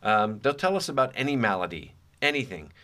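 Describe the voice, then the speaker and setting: A man's voice: medium pitch, sing-song, fairly quick, pushed and bright. A middle-aged man hosting a podcast, talking through his memories in a reflective, conversational way with wry asides. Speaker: podcast host. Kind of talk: casual monologue.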